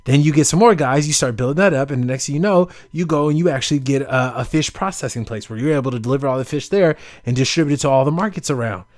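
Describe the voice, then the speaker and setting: A man's voice: medium pitch, quick pace, few pauses, no echo, close to an everyday voice. A man doing a pushy businessman tourist.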